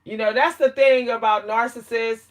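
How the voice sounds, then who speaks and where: A woman's voice: fairly high pitch, fairly even intonation, normal speed. A woman talking to camera in a casual vlog monologue, telling an emphatic story and laughing often between points. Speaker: vlogger.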